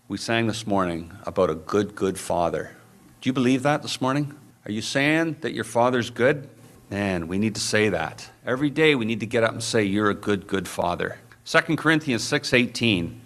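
A middle-aged male pastor preaching to his church in a fairly low voice. He moves from calm storytelling into loud, excited preaching. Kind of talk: sermon.

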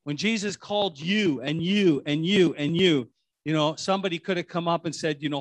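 A man's voice: fairly high pitch, normal speed, dry recording. A middle-aged man preaching a sermon in a rambling, conversational way, full of restarts and asides. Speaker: pastor.

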